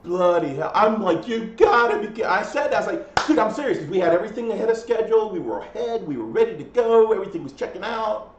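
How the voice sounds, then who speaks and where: A man co-hosting a live chat show, animated and joking. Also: sits high, fast, few pauses, echoey room, muffled recording, a little hiss or hum. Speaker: co-host. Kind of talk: casual chat.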